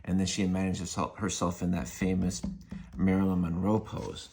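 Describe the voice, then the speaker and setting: A man's voice: low voice, flat delivery, moderate pace, vocal fry, darkish tone, a little hiss or hum. A man casually retelling a comic book story in a rambling way, full of fillers. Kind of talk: casual spoken review.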